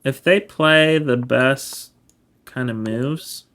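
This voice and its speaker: Male chess streamer, casual study commentary, slow drawn-out delivery, self-correcting. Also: mid-range voice, fairly bright tone. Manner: laid-back, explains as he goes, self-correcting.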